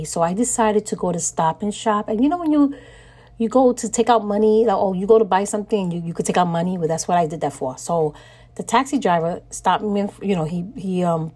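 A woman's voice: fairly low pitch, darkish tone, slightly rough. A middle-aged woman hosting a podcast, telling a personal story in a casual, indignant way and laughing often. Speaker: podcast host.

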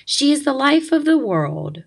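A woman voicing a wise ancient female turtle in a storybook reading, speaking slowly and gently. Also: sits high, big pitch swings, vocal fry, pitched above the performer's own voice, heavily acted. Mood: solemn.

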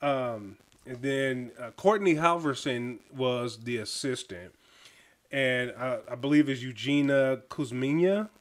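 A man hosting a podcast, reviewing a film in casual chat, animated and laughing often, stumbling over names. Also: medium pitch, slow pace. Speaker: podcast host.

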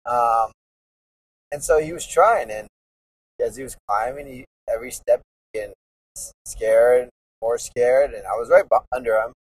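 A man's voice: mid-range voice, moderate pace, slightly rough, far from the mic, rough recording. A man in his thirties hosting a podcast, talking earnestly and rambling in a casual, reflective monologue. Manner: earnest, rambling, with many restarts. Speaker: podcast host.

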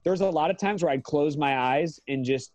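A man's voice: on the high side, brisk, a little mellow, dry recording, dull audio. A man in his thirties, an MMA fighter guesting on a podcast, telling a long story in a loose, profane way and often correcting himself mid-sentence.

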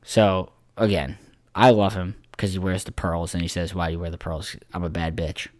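A man's voice: low-pitched, little pitch movement, normal speed, a little mellow, dry recording. A man co-hosting a podcast, chatting casually about sports in a rambling, profane way full of filler words. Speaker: podcast co-host.

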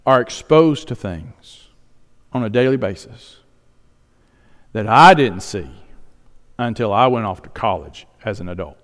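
A man preaching a sermon as pastor, earnest, swinging between hushed, serious passages and loud emphatic ones. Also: lowish voice, expressive, unhurried, long pauses, long reverb tail.

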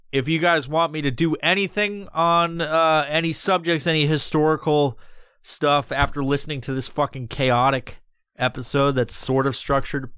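A man with a fairly high, slightly bright, smooth voice hosts a solo podcast, rambling loosely through a history talk. He jokes around and swears constantly. The studio-quality recording, made alone, has no room sound.

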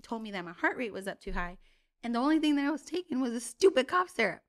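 An animated young woman co-hosting a casual podcast, her voice sitting a little high. She tells stories full of "like" and frequent swearing. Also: fast talker. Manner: animated storytelling, lots of "like" and swearing. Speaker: podcast co-host. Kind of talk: casual chat.

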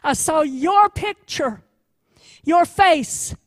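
A woman voicing a gentle male defense attorney who speaks as a savior, hushed and tender, often half-whispered. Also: sits high, slow pace, dry recording, pitched above the performer's own voice.

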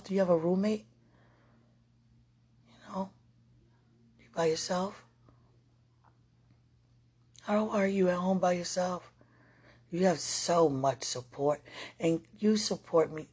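A low-pitched woman speaks in a soft, rambling, affectionate monologue, often turning to talk of God. Her voice is dark and very smooth, and it sometimes sinks to a near-whisper. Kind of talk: casual emotional monologue to a viewer.

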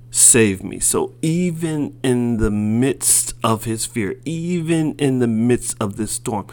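A man preaching a sermon, slow and deliberate, building his points through repeated phrases. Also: mid-range voice.

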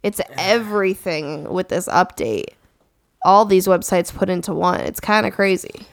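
A woman's voice: on the low side, a little slow, gravelly, no room sound, clean studio sound. A woman in casual conversation, musing and talking ideas through. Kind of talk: casual chat.

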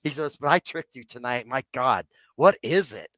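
Man in his sixties, mid-pitched, a guest spinning long, rambling stories on a dry mic. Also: animated, normal speed, a bit bright, no echo. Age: 60s. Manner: rambling, addresses listeners as "guys". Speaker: podcast guest. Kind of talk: personal storytelling.

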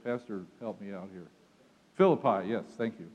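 A man preaching a sermon, telling the story dramatically and swinging from hushed lines to loud ones. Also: fairly low pitch, moderate pace, long reverb tail.

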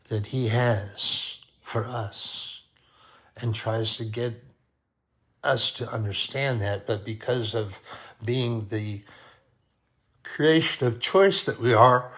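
A man preaching a sermon, deliberate and repeating key phrases for emphasis. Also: medium pitch, a bit bright.

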